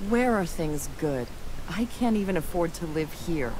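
A woman plays a tired, anxious game character who is wry about her money troubles. Her voice sits a little low but moves a lot. A noisy hiss sits over the game audio. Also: expressive, normal speed, lightly acted. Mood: weary.

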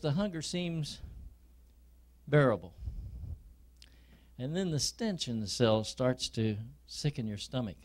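A male preacher giving a sermon, telling a dramatic story to his listeners in a slow, deliberate way. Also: medium pitch, darkish tone.

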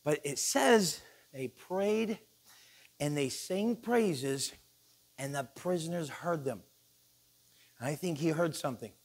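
A male pastor preaching a sermon in a church, animated and joking, acting out the people he quotes. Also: a little high, takes it slowly, long pauses.

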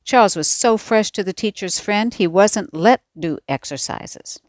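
A woman voicing a cheeky, boastful kindergarten boy who talks in an excited, taunting way. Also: mid-range voice, unhurried, no room sound, clean studio sound, voice pushed up, natural voice. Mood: scornful. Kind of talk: audiobook character voice.

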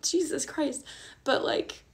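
A woman musician talking casually on a livestream while crying, emotional and rambling with lots of fillers. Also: takes it slowly.

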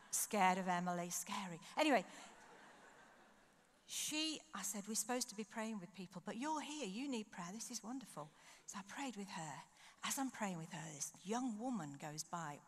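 A woman speaker at a conference, preaching through an animated personal story and acting out her own thoughts. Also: medium pitch. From United Kingdom. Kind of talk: sermon with storytelling. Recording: long hall reverb.

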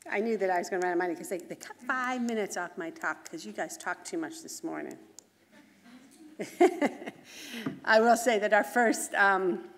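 A middle-aged woman, a physician and researcher, giving a brisk, chatty conference lecture full of asides. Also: medium pitch, a bit bright. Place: large conference hall. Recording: reverberant lecture hall.

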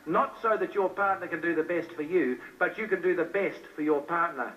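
High-voiced New evangelist, distant recording. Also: male voice, fairly quick, few pauses. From New Zealand. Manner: preachy, repetitive, questioning the crowd. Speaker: evangelist preacher. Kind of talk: evangelistic sermon. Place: meeting hall with crowd. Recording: distant, dull old live recording.

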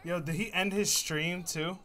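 A man's voice: sits high, fairly even intonation, a little slow, sharp tone, a little hiss or hum. A male streamer in casual live-stream chat, breathless and laughing hard between his words. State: laughing to tears.

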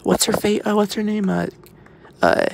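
Gravelly-voiced young rambling vlogger. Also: medium pitch, little pitch movement, moderate pace, slight background noise. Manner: rambling, stammering restarts, often drops to a whisper. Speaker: vlogger touring an exhibit. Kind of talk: casual walkthrough commentary.

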